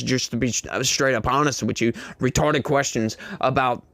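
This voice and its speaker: A man's voice: mid-range voice, fairly even intonation, normal speed, creaky, fairly bright tone, dry recording. A man giving a casual, sarcastic political commentary, rambling with lots of "like" and mock voices. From rural United States.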